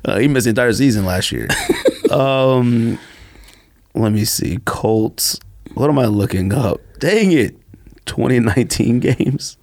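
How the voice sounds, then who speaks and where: Brief: male podcast co-host, lively up-and-down delivery, playful and argumentative. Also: medium pitch, measured pace. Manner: animated, joking, argumentative banter. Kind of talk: casual chat.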